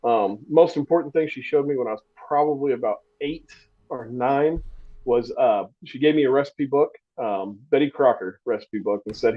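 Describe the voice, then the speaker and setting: A podcast co-host spins a story with self-deprecating humor in a relaxed chat, stumbling over his restarts. He talks at normal speed with an ordinary pitch, and the audio sounds a little dull and lo-fi.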